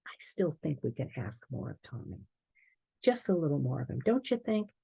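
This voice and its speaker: A woman quoting a gentle stepmother who softly asks her partner for help, in a slightly husky, creaky voice. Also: lowish voice, animated, measured pace, heavily acted. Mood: gentle coaxing. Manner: soft, coaxing. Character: gentle stepmother making a soft request.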